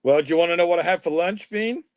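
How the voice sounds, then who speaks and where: A man's voice: high voice, quick pace, dry recording, rough recording. Easygoing man with a dry close sound. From Canada. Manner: easygoing, relaxed, often trails off quietly. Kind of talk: casual live-stream chat.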